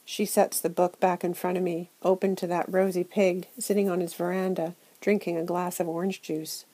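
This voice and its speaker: Low, warm-voiced woman narrating an audiobook. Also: level tone, poor audio. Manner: hushed, intimate, measured reading. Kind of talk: first-person literary narration.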